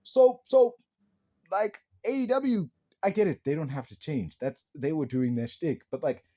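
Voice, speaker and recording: A man's voice: a little high, a little slow, mellow. A man hosting a podcast, ranting in a casual, slangy, exclamatory way and laughing often. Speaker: podcast host.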